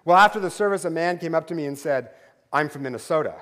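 A pastor with a fairly high voice tells stories from the pulpit and keeps checking in with the congregation. His voice carries a long reverb from the church sanctuary. He talks in a relaxed, chatty way. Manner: conversational storytelling with asides like "right?"; drops to a quiet, slow prayer voice. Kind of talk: sermon.

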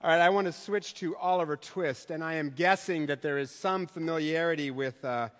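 A man leading a talk on novels, relaxed and a bit hesitant. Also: on the high side, a little fast. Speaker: lecturer. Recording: hall reverb.

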